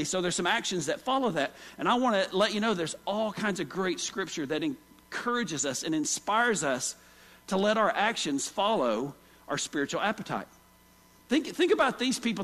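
A man with a notably high voice preaches in a relaxed, conversational style, stumbling through restarts and drawing the congregation in with questions. His voice carries a long reverb tail from a large church hall. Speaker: pastor. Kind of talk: sermon.

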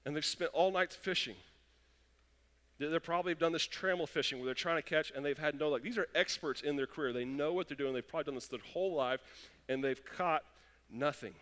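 A young adult man preaching a sermon, telling stories and acting out quotes with lively animation. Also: a little high, a little fast. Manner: animated storytelling with acted-out quotes. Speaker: pastor. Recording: long hall reverb.

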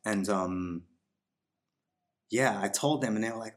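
Low-voiced man telling his story. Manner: reflective, unhurried, with many fillers and acted quotes. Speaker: podcast guest. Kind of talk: personal storytelling in conversation.

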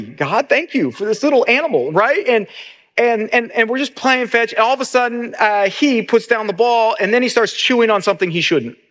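A middle-aged male pastor preaching a sermon in a conversational, animated storytelling way. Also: sits high.

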